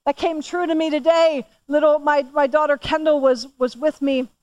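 A middle-aged woman gives a sermon in a conversational, storytelling way. Her voice sits high, and it climbs even higher when she acts out her own scolding before dropping low and soft for the serious points. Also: normal speed. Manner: animated, rising high when quoting herself scolding. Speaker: church speaker.

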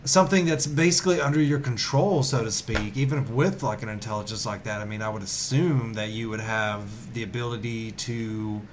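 A man's voice: on the low side, brisk, hardly any pauses, a little hiss or hum. A man from Western North Carolina with a local accent, co-hosting a casual podcast in a rambling, hedging, wry way. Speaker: podcast co-host. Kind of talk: casual chat.

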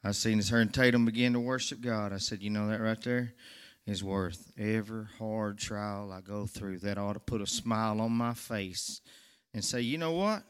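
His voice sits lowish with a clean tone at normal speed as this nervous man testifies in church. His Southern country talk builds to fervent shouts of preaching, and the sanctuary's long reverb hangs over it all.

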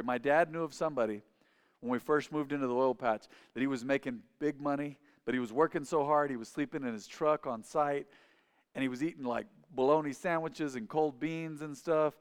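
A man's voice: mid-range voice, clean tone, long reverb tail. A man preaching a sermon as pastor, conversational and full of stories and acted-out dialogue, recorded in a church.

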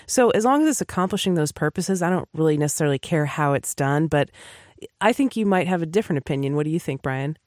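A woman's voice: sits low, lively intonation, fast, a little mellow, no room sound. A woman co-hosting a podcast, chatting casually and laughing often. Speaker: podcast co-host. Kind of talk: casual chat.

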